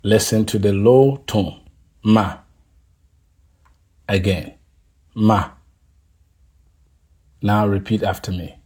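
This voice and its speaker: A man teaching a language lesson, drilling tones slowly and deliberately, leaving pauses for the listener to repeat after him. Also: lowish voice, mellow, breathy edge. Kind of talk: scripted pronunciation lesson.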